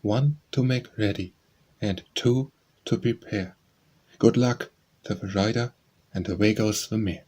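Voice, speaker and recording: A man's voice: on the low side, unhurried, darkish tone. A man reading nursery rhymes aloud as an audiobook, in a sing-song, rhythmic recitation. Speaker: audiobook reader.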